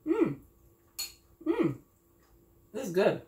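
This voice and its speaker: A woman's voice: on the high side, wildly swooping pitch, extremely slow, warm tone. A woman hosting a casual recipe demo, chatty and thinking aloud as she tastes her dish. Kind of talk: casual cooking demo talk. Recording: echoey kitchen. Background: clinking dishes and cutlery.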